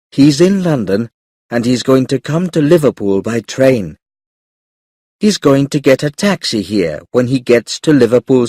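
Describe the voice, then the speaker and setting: A man voicing a kindly older grandmother in a storybook, speaking gently and reassuringly. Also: mid-range voice, slightly rough, no echo, clean studio sound, full character voice.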